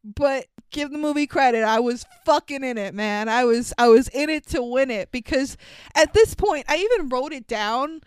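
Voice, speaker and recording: Animated young woman, clear and dry. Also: high-pitched, normal speed, no echo. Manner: animated, swearing, laughing. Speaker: podcast co-host. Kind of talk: casual movie discussion.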